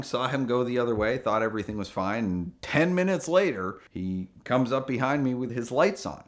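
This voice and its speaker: Middle-aged male storyteller, low-pitched, relaxed and animated delivery. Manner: animated, jumps up in pitch for quoted voices. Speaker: car dealer telling a story. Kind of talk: casual storytelling.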